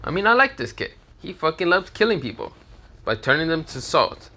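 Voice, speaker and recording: A man's voice: a little high, sing-song, fairly quick, bright, forceful tone, voice pushed up, heavily acted. A man voicing a brash, bloodthirsty male swordsman ninja who talks bluntly and swears, in a fan-made story. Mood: gleeful.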